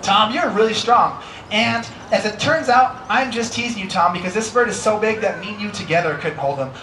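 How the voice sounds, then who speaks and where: A man's voice: high voice, fairly quick, bright, forceful tone, a little hiss or hum. An American man presenting a live educational bird show, playful and teasing as he coaxes volunteers. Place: outdoor amphitheater stage. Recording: roomy live show sound with music.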